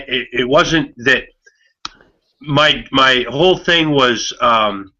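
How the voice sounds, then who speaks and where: A man's voice: mid-range voice, bright, forceful tone. A man chatting casually on an online call, rambling and swearing, with many fillers and restarts. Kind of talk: casual chat. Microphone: online video call. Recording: muffled online call audio.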